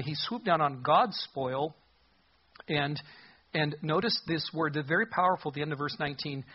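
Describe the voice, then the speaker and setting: A man's voice: on the high side, husky. A man preaching a conversational expository sermon, acting out the quoted lines as he goes. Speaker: pastor. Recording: muffled lo-fi sermon recording.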